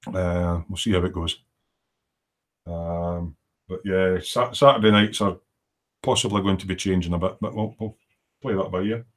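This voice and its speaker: A middle-aged man with a slightly low voice chats casually from his home workshop. He rambles from one thought to the next as he works, reading viewer comments aloud between tasks. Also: moderate pace, pauses often. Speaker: livestream host. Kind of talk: casual chat while working.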